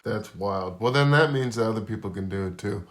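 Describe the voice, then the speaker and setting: Laid-back low-voiced man. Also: fairly quick. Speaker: podcast co-host. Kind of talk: casual chat. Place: garage.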